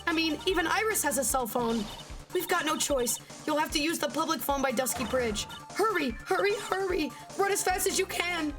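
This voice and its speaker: A bossy young woman in a game who snaps out impatient orders, in a high voice. Game music runs clearly underneath. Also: animated, moderate pace.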